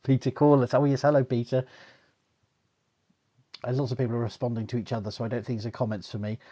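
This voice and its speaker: A middle-aged man hosts a casual live Q&A in a husky, breathy voice at an ordinary pitch. He rambles and swears, piles on "you know"s, and wanders into asides as he reads out viewers' questions. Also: level tone, fast talker, long pauses, warm tone. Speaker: archaeologist host of a live Q&A. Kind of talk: casual live-stream Q&A chat.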